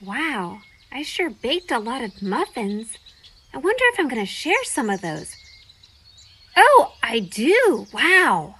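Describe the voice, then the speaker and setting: A woman's voice: a little high, sing-song, slow pace, husky, exaggerated voice. A woman voicing a cheerful young baker girl in a children's cartoon, chatty and talking to herself. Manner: bright, chatty, talks to herself. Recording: background music under the voice.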